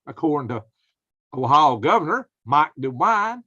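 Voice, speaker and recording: A man's voice: fairly high pitch, expressive, normal speed, fairly bright tone. A man, hosting a casual live stream in a folksy, exclaiming way and chatting with viewers. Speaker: host. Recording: dull lo-fi sound.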